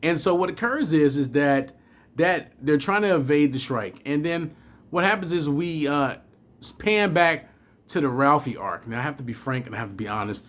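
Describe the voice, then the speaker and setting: A man casually recapping a TV episode, animated, with many fillers and restarts. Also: fairly high pitch, moderate pace. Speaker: TV episode reviewer.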